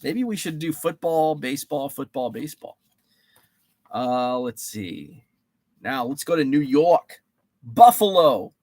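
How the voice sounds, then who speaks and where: A man's voice: mid-range voice, dry recording. A man hosting a live stream, running a guessing game with trading cards, reading out viewers' names and answers in a chatty, playful way. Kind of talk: casual live-stream chat.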